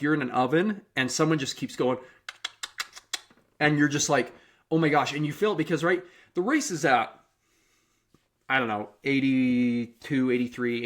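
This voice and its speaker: A man hosting a running podcast, telling stories in a lively, chatty way with frequent restarts. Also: medium pitch. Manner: animated storytelling, many restarts. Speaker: podcast host and running coach. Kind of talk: casual interview chat.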